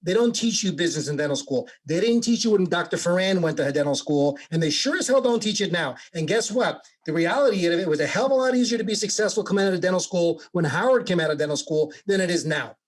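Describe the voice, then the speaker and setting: A male business coach answers as an interview guest, speaking quickly in a fairly high voice. He drives his points home emphatically, with a preachy edge. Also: animated.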